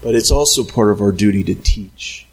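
A man preaching a sermon as a pastor, lively and conversational, acting out little scenes and sometimes shouting. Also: on the low side, moderate pace, breathy edge, rough recording.

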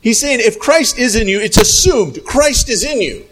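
A man preaching a sermon as a pastor, lively and conversational, acting out little scenes and sometimes shouting. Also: very high-pitched, moderate pace, soft background music, poor audio.

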